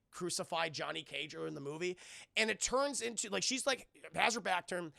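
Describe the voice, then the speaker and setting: A sarcastic man rants through a film recap for his live chat. He swears freely and keeps acting out the scenes. His voice is high, very gravelly and sharp, and it sounds dry and close. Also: dry recording. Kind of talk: casual profane film recap.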